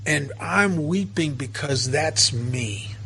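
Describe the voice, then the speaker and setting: A man's voice: a little high, lively intonation, slow pace, creaky, pushed and bright, slight background noise. A man telling a personal recovery story to a meeting, emotional and self-mocking by turns. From United States. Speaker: recovery speaker.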